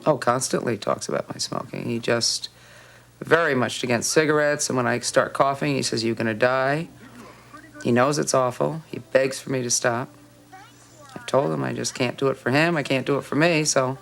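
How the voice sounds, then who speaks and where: A mother talks in a documentary interview, downcast and confessional. Her voice is gravelly and creaky, and she speaks as a smoker. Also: very deep voice, normal speed.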